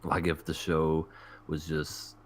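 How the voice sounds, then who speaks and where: A man hosting a casual anime review podcast, retelling scenes with lively put-on voices. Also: a bass voice, slow. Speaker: podcast host.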